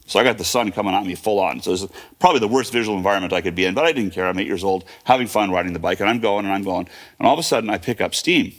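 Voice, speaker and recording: A man's voice: low-pitched, racing. A man in his fifties telling a personal story in a vivid present-tense retelling, with fillers and restarts. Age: 50s. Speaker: guest.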